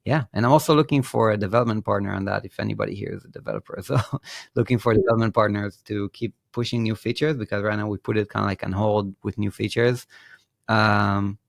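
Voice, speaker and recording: A male podcast guest with a low, gravelly voice, explaining things in a relaxed way with frequent fillers and restarts. He is recorded dry and close, with no room echo. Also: fast talker. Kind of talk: casual interview talk.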